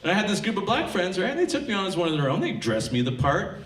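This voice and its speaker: A man from Tacoma doing a profane, animated stand-up comedy set on a live theatre stage. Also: high-pitched, fast. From Tacoma, Washington. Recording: echoey live theatre with crowd laughter. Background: audience laughing and clapping.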